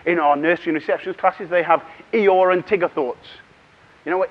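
A man speaking at a conference in a fairly high voice, telling funny stories and slipping in voices for people's thoughts. The sound is dull and lo-fi, as if taped from a hall microphone. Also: steady tone, a little fast. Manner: humorous storytelling, acts out voices and inner thoughts. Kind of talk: lively conference keynote.

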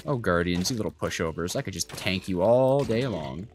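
A man's voice: deep voice, animated, moderate pace, faint music behind. A young man giving rambling let's play commentary as a gaming YouTuber, chatty with lots of fillers and asides. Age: young adult.

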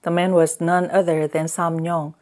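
A woman narrating an audiobook in a slow, measured reading voice. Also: lowish voice, level tone, a little mellow. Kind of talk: scripted narration.

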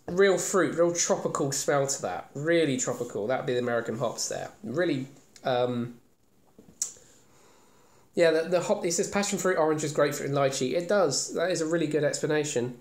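A man's voice: a little high, expressive, normal speed. A man giving a casual, rambling, self-deprecating beer review on his own. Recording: roomy echo.

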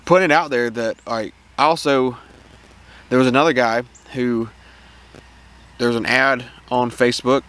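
A man's voice: mid-range voice, fairly even intonation, normal speed, a bit bright. A man with a Southern American accent, casually vlogging outdoors about his homestead in a rambling, enthusiastic way with many restarts. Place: outdoors in a yard. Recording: faint outdoor noise.

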